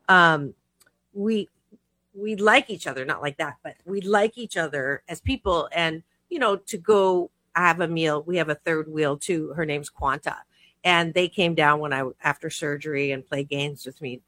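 A woman hosts a casual talk show with a teasing, sarcastic edge. Her voice sits a bit low but comes out bright and forceful. The sound is dry and close. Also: no room sound. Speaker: host. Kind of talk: casual chat.

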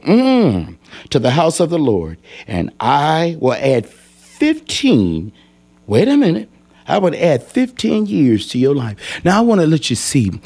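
Husky older man preaching a sermon. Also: mid-range voice, a little mellow. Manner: call-and-response preaching, drawn-out scripture reading.

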